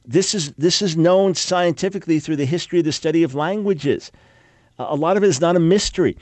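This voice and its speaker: A man's voice: a little high, a little mellow, dry recording. A man with a PhD in Semitic languages explaining how Hebrew names and words changed, talking emphatically and mocking opposing claims. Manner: emphatic, quick asides with mocking quoted objections. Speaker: Bible scholar. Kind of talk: lecture-style talk.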